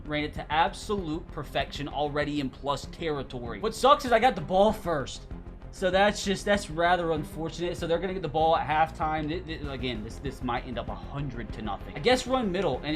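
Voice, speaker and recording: A man's voice: fairly high pitch, lively intonation, moderate pace, fairly bright tone. Young dude doing play-by-play on his own game, exasperated and groaning, music going in the background. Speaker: gaming YouTuber. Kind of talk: live game commentary.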